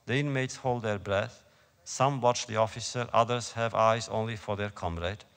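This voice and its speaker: A man, an author, reading his own prose aloud to an audience in a slow, measured, solemn way. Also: fairly low pitch, fairly bright tone, in a large hall.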